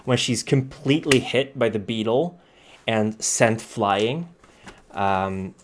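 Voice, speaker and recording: A man narrating a tabletop game as game master, relaxed and matter-of-fact, with frequent ums. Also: fairly low pitch, slow pace, background noise.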